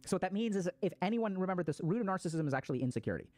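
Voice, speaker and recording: A man's voice: sits high, lively intonation, very fast, a little mellow, dry recording. A man giving a casual explanatory talk on mental health, swearing freely and acting out people's reactions.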